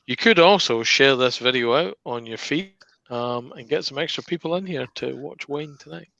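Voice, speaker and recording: A man's voice: mid-range voice, normal speed, gravelly, bright, forceful tone, dry recording, lo-fi sound. A man co-hosting a live stream, bantering and plugging the channel. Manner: jokey, plugs the channel between banter. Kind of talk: casual banter.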